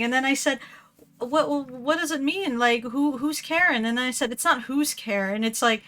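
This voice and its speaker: A woman's voice: high-pitched, normal speed. A woman co-hosting a casual stream, telling anecdotes animatedly with frequent laughter. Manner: laughs often, animated when retelling. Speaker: co-host. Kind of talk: casual storytelling chat.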